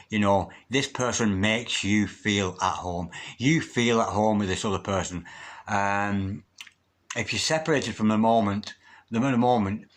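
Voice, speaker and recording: A man's voice: on the low side, fairly bright tone. A man giving a solo tarot reading, effusive and emotional, often repeating chanted invocations. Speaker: tarot reader.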